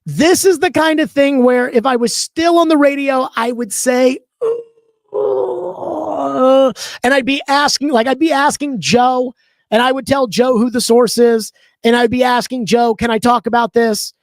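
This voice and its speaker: A man's voice: very high voice, measured pace, vocal fry, dry recording. A man hosting a sports talk show, giving opinionated commentary in an emphatic, conversational way and stretching out key words.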